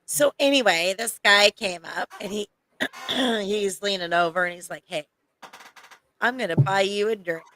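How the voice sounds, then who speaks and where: A woman with a bright, forceful voice tells a story over casual podcast banter. Her remarks are wry and teasing, delivered at a mid pitch. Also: normal speed, rough recording. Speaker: podcast co-host.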